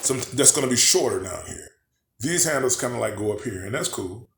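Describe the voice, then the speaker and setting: A man's voice: medium pitch, expressive, brisk, creaky. Chatty male vlogger, loose rambling delivery, recorded in a reverberant room. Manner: chatty, rambling, asks viewers to imagine. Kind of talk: casual show-and-tell vlog. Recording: echoey room, faint background noise.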